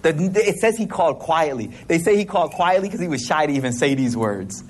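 A man's voice: fairly high pitch, animated, brisk, slightly rough. A man preaching a sermon to a congregation in a hall, talking in a casual, slangy way with playful asides.

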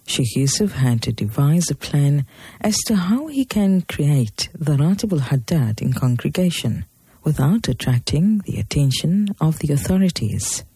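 A male documentary narrator delivers scripted history in a measured, formal way. His voice is mellow and deeply husky, rising and falling with lively intonation. The sound is close and dry. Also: no echo.

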